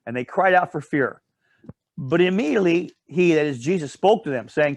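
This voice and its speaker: A man guides an informal Bible study in a fairly high, expressive voice at normal speed, wandering through the story with digressions, asides, and self-corrections. Checking in often, he keeps asking his listeners "all right?" The sound is close and dry, with no echo.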